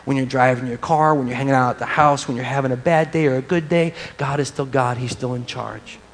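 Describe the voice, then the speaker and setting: A man's voice: medium pitch, fairly even intonation, brisk, a little hiss or hum. A man preaching a sermon in a church, speaking in a loose, conversational way with fillers and small laughs. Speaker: pastor. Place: church hall.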